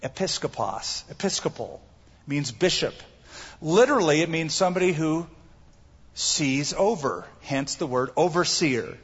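A male pastor preaching a sermon to his congregation, hammering home his points by repeating them. His voice sits a little high and sounds husky. The recording is dull and carries the long echo of a church hall. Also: animated, measured pace. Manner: emphatic, repeats key phrases. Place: church sanctuary.

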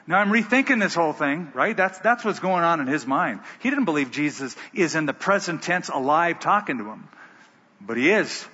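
A man's voice: a little high, expressive, moderate pace, bright, forceful tone, slightly rough. A man preaching a sermon who tells stories with emphatic delivery. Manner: storytelling, emphatic. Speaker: pastor. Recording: dull, echoey hall.

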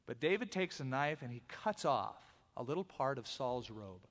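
A man preaching a sermon, telling the story in an animated, conversational way. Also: mid-range voice, moderate pace. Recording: long hall reverb.

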